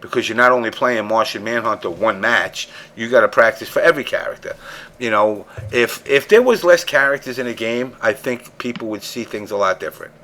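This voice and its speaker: A man's voice: mid-range voice, brisk, sharp tone. A man hosting a casual gaming podcast, ranting emphatically and swearing freely. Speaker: show host.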